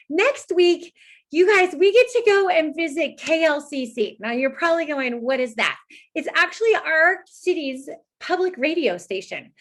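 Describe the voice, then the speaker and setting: A woman librarian reading a picture book aloud to children, playful and full of exclamations. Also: on the high side. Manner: playful, exclaiming to young listeners. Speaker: school librarian.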